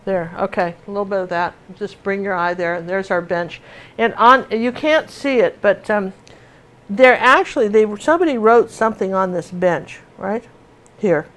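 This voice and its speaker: A woman's voice: medium pitch, normal speed, fairly bright tone. Middle-aged woman, art teacher, loose and chatty, drifts into stories mid-lesson. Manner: chatty and rambling, with many fillers and restarts. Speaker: painting teacher. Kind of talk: casual tutorial chat while painting.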